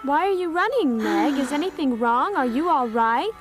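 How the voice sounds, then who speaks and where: A woman's voice: sits high, animated, normal speed, soft background music. Joe, a bookish teen girl. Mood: teasing. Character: teenage girl Joe, bookish and hot-tempered. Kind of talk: dubbed cartoon acting.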